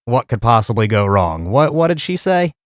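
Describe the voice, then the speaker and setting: A man's voice: mid-range voice, very animated, moderate pace, very noisy. A man hosting a comedy commentary show, talking casually with lots of profanity and laughter. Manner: crude, profane, laughing often. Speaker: podcast host.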